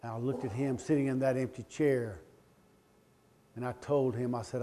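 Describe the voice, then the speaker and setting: A middle-aged man giving a speech to a live audience, telling a personal story with passion, swinging between loud pleading and quiet, emotional confession. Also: mid-range voice, fairly even intonation, moderate pace, long pauses, slight background noise. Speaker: motivational speaker.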